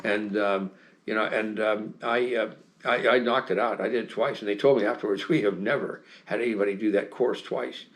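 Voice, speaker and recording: A man's voice: fairly low pitch, steady tone, moderate pace. An American man in his seventies, telling old stories as an interview guest. He rambles, circles back with fillers and restarts, and chuckles as he goes. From United States. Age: 70s. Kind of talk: casual storytelling interview.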